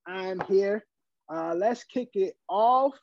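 A man's voice: sits high, takes it slowly, darkish tone, dull audio, slight background noise. A man co-hosting a casual sports podcast, hyped and repeating his points. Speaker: podcast co-host.

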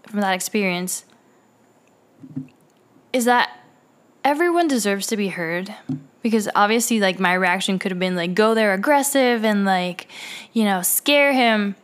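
Woman telling clinic stories in a rambling, filler-heavy way, mid pitch. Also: measured pace, long pauses, clear, resonant tone. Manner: rambling, with frequent fillers and restarts. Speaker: dialysis clinic staff member. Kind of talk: casual personal storytelling.

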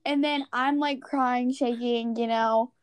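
A young woman co-hosting a casual podcast tells an embarrassing story with animated, self-mocking energy. Her voice sits a little higher than most. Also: takes it slowly, smooth. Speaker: podcast co-host. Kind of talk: casual chat.

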